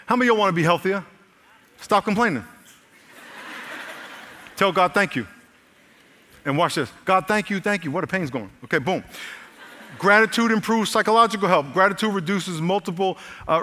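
A man preaching as a pastor, energetic, repeating lines and calling out to his congregation. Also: fairly high pitch, in a large hall. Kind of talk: sermon. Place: large church hall.

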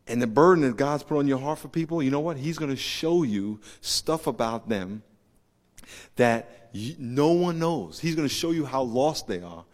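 A man preaches a sermon in a large hall, and long reverb trails after his words. He moves between hushed, confiding stories and loud, emphatic points, now and then acting out what people said. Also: mid-range voice, expressive, moderate pace. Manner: storytelling with laughs and acted quotes. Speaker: pastor.

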